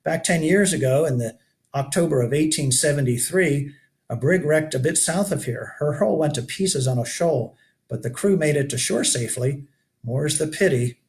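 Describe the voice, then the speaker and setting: A man's voice: a little high, moderate pace, darkish tone, lightly acted. A man reading aloud and voicing a weary, rugged older male keeper of a shipwreck shelter who talks in a folksy, lamenting way. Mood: somber. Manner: folksy backwoods grammar, lamenting.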